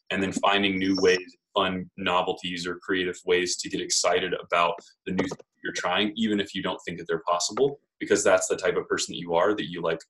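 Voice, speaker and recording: Deep, flat-voiced male coach. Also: rough recording. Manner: steady, encouraging advice. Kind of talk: coaching feedback.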